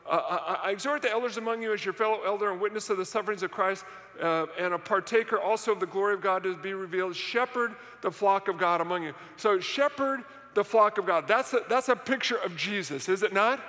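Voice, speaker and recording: A man preaches with a high, bright voice, pressing his points through repetition and questions to the crowd. The sound carries a long reverb from a large church hall. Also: a little fast. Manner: emphatic, repetitive, asks the audience questions. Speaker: pastor. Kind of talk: sermon. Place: church worship center.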